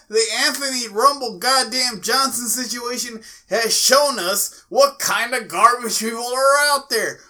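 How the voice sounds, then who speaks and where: A man's voice: very high-pitched, sharp tone. A man co-hosting a fight podcast in profane casual chat, ranting with heavy swearing. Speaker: podcast co-host.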